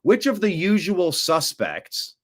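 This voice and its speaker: A man hosting a solo political commentary show, talking off the cuff in a sarcastic, animated way and jumping his pitch up for mocking asides. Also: slow pace. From United States.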